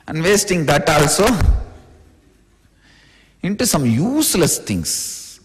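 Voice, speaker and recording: A spiritual teacher from India with an Indian accent, giving an informal, playful, teasing discourse in plain words. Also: male voice, a little high, very animated, slow pace, long pauses. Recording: long reverb of a large hall.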